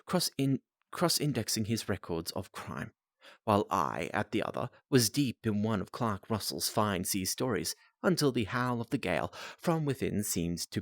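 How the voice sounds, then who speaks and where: A man's voice: on the low side, dry recording, clean studio sound. A man reading a novel aloud on a live stream, breaking off for casual asides to viewers and restarting lines.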